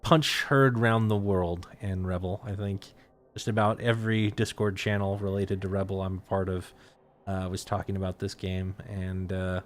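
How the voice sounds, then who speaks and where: A man hosts a casual esports talk show in a somewhat low voice. He talks in a laid-back way and fills his pauses with uh and um. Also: little pitch movement, a little hiss or hum. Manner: lots of uh and um fillers, laid-back. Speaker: host.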